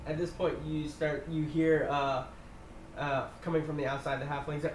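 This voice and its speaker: A man's voice: on the high side, little pitch movement, normal speed, slight background noise. A man narrating a tabletop game as game master, loose and rambling with many fillers, in an echoey room.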